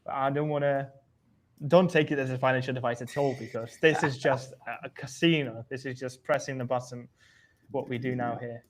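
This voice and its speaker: A man's voice: mid-range voice, fairly even intonation, a little fast. A man co-hosting a live trading stream, talking casually with loose grammar, frequent repeats and restarts. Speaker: trading analyst co-host.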